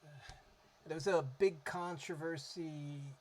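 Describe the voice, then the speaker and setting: Speaking slowly into a desktop microphone with a little hiss or hum, a man with a fairly high voice chats casually. He's a music vlogger rambling in a relaxed way about his favourite cover songs, with many fillers and restarts.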